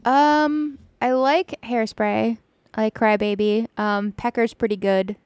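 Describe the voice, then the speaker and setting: A woman chatting casually on a podcast, soft-spoken and brief. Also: on the high side, fairly even intonation, slow pace, smooth, no room sound. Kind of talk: casual chat.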